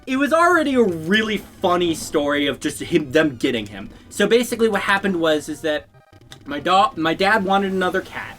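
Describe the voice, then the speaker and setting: A man's voice: high voice, big pitch swings, normal speed, a bit bright. Male host telling loose, swear-laden stories over game play, with light background music. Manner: rambling storyteller, swears freely, laughs often. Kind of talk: casual chat while playing a video game.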